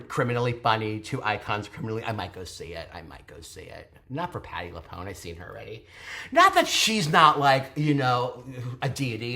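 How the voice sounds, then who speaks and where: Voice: medium pitch, a bit bright, a little hiss or hum. An adult vlogger giving a casual, chatty review of a local show, gushing and digressive, with theatrical asides. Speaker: theatre reviewer hosting own channel.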